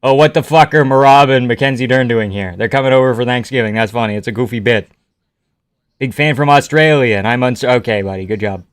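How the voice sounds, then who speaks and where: A man's voice: mid-range voice, a little fast, clear, resonant tone, no echo, clean studio sound. A man from Canada streaming live, reading out viewer comments and answering them offhandedly with casual swearing.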